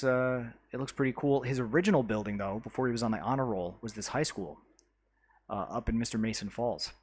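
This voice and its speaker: A man streaming a city-building game live, rambling easily to his chat with lots of fillers and false starts. His voice sits at an ordinary middle pitch for a man, and he stops to greet viewers by name as they pop in. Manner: chatty and halting, full of uh and restarts.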